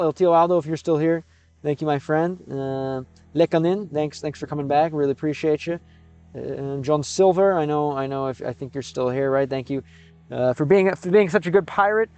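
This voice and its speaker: A man, a native English speaker, live-streaming in a casual chat, sounding out Russian words slowly and thinking aloud as he thanks viewers. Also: fairly high pitch, darkish tone, smooth, lo-fi sound, soft background music.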